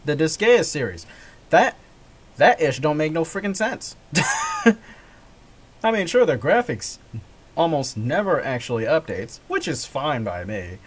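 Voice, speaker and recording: A male gaming vlogger rambles through a casual monologue, often stopping to correct himself and chuckle. His pitch swings widely, up and down, as he talks. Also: big pitch swings, takes it slowly, long pauses, husky.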